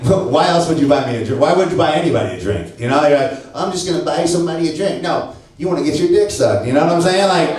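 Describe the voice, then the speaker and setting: A man's voice: mid-range voice, a little mellow, far from the mic. A man from St. Louis doing a brash, profane stand-up set, teasing people in the crowd. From St. Louis, Missouri. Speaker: stand-up comedian. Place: comedy club stage before a laughing crowd. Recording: echoey club recording, mic heard from afar.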